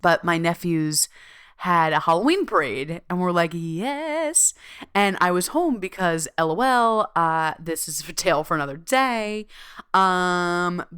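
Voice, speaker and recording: Brief: woman podcast host with a lowish, smooth voice, chatty and profane, in a dry room. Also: fairly bright tone, no echo. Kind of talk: casual monologue.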